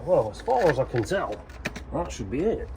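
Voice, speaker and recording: Builder-vlogger, easygoing and talkative, speaking outdoors to a handheld camera with faint site noise. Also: male voice, medium pitch, very animated, moderate pace. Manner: chatty, keeps addressing viewers as "guys". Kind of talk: casual vlog talk to camera.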